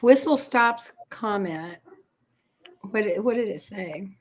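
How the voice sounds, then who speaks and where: A woman's voice: medium pitch, animated, takes it slowly. A woman co-hosting a live stream, chatting casually and chiming in with encouraging agreements. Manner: encouraging, frequent short agreements and laughs. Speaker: co-host of a live chat stream. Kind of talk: casual chat.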